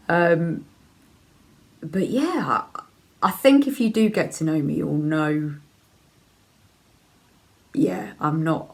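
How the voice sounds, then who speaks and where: A middle-aged woman from Leicester, speaking with that local accent in a low voice. She chats openly and casually to camera while answering viewer questions, filling her pauses with ums and laughing easily. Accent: Leicester English. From England (Leicester). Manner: chatty, frank, laughs easily, many ums. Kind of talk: casual chat.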